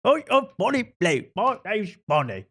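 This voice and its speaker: A man putting on a crude, flirty British woman in a shrill falsetto with a mock British accent. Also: sing-song, normal speed, a bit bright, full character voice. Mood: bawdy.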